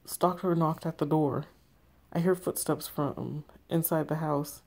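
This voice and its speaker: A woman reading the texts of a young woman hiding from a stalker, hushed and tense. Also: deep voice, fairly even intonation, unhurried, creaky, heavily acted. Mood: scared. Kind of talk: text story read aloud.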